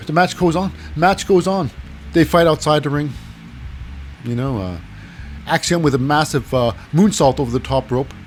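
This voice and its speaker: Guy doing a snarky rambling wrestling recap, kinda high voice, some music playing under him. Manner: rambling, sarcastic, acts out quotes in silly voices. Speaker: wrestling show recap host. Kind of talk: casual solo recap commentary.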